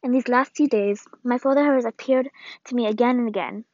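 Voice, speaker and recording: A woman reading the farewell letter of an old, ailing grandmother in a solemn, measured way, on a dull, lo-fi recording. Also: on the high side, fairly even intonation, a little mellow, no room sound, lightly acted. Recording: dull, lo-fi dry read.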